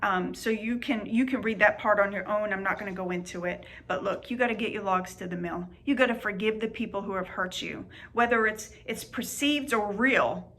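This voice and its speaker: A woman's voice: medium pitch, moderate pace, hardly any pauses, a bit bright. A woman author reading from her memoir and then teaching a Bible study, speaking earnestly and repeating phrases for emphasis.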